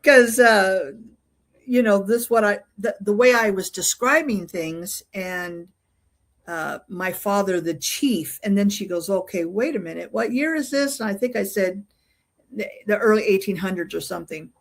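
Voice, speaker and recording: A woman's voice: mid-range voice, a little slow. Rambling woman telling a personal story. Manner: rambling, many fillers and restarts. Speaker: interview guest. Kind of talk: casual storytelling interview.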